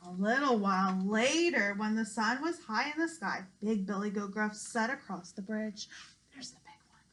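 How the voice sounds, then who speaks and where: A woman, a preschool teacher, reading a picture book aloud to young children with expressive, sing-song storytelling. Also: mid-range voice, moderate pace, rough recording. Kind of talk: children's read-aloud narration.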